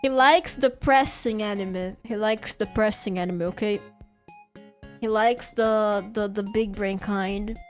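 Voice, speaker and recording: A woman's voice: medium pitch, fairly even intonation, takes it slowly, soft background music. A woman streamer chatting casually while drawing, rambling through stories with lots of giggles and acted-out quotes.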